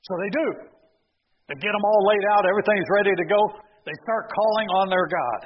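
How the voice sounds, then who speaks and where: High-voiced man preaching in a hall. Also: steady tone, a little fast, lo-fi sound. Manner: storytelling with sarcastic asides. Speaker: pastor. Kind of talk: sermon. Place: church sanctuary.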